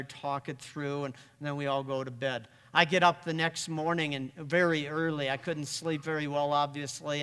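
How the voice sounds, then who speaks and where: Bright-voiced man telling a story in a reverberant hall. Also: fairly high pitch, clear, resonant tone. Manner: halting, frequent restarts and repeated words. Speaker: speaker. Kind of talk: personal storytelling talk.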